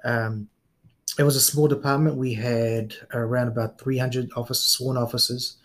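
A middle-aged man with a New Zealand accent, a police officer chatting as an interview guest, relaxed and full of fillers and small laughs. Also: medium pitch, moderate pace. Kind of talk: casual interview chat.

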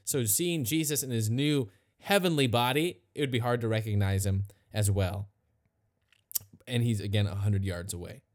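A man teaching a Bible passage in a casual, conversational way, retelling the story with lively asides. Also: lowish voice, normal speed. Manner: conversational, animated retelling with acted quotes. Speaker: pastor.

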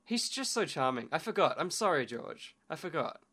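A young man talks eagerly on a casual podcast, gushing and dropping the odd swear word between laughs. His voice sits a little high and has a bright, sharp edge. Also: sing-song. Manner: enthusiastic, swearing, quick to laugh. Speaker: podcast co-host. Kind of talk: casual chat.

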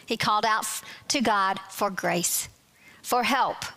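A woman leads a Bible lesson, walking her listeners through a psalm verse by verse. She explains carefully and reads the scripture passages aloud at an even, unhurried pace, in a voice of middling pitch for a woman. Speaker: Bible teacher. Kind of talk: Bible teaching.

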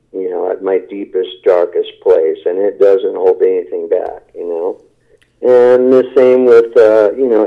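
A man, a rock singer, giving an interview and talking casually and enthusiastically, rambling with many fillers and restarts. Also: lowish voice. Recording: tinny phone line.

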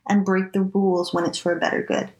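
Woman podcast co-host, casual teasing chat, mid pitch, echoey room. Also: flat delivery, darkish tone, lo-fi sound. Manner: teasing and quick to laugh.

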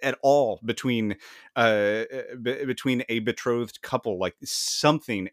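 A man's voice: medium pitch, fairly bright tone, dry recording, studio quality. A man co-hosting a podcast in casual chat, stumbling and repeating words and laughing often. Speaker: podcast co-host.

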